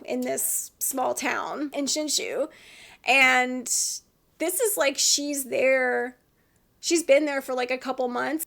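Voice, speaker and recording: Female vlogger, high voice, gravelly fry, chatty and giggly. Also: a bit bright. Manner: chatty, laughs often, acts out quotes. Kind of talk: casual chat about TV dramas.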